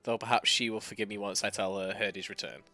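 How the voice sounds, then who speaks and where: A man voicing a stately, dry-witted older gentleman in a formal, measured way. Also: lowish voice, fairly even intonation, faint music behind.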